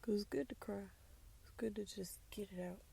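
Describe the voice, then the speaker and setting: This young woman hosts a podcast, her mid-range voice creaky, mellow and edged with breath, at a moderate pace. She talks candidly and with some sass in a casual monologue, now and then whispering asides.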